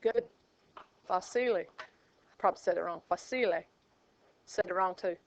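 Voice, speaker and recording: A woman's voice: lowish voice, fairly even intonation, rapid-fire, creaky, a little hiss or hum. A woman math teacher, teaching a classroom and joking with her students. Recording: dull lo-fi classroom recording.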